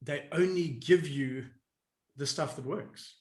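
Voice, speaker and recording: A man with a high voice speaks as a coach, lively and quick to laugh. He acts out inner voices as he explains his ideas. His voice rings with a roomy echo. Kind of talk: animated interview answers.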